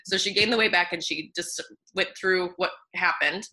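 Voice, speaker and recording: A woman nutritionist talking in a casual interview, bubbly and animated, laughing often between thoughts. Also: on the low side, normal speed.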